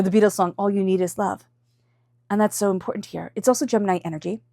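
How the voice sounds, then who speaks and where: A woman giving a weekly tarot reading in a gentle, musing way, often checking in with the listener. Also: mid-range voice, creaky, no echo, clean studio sound. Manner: gentle, musing, frequent "right?" asides. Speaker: tarot reader.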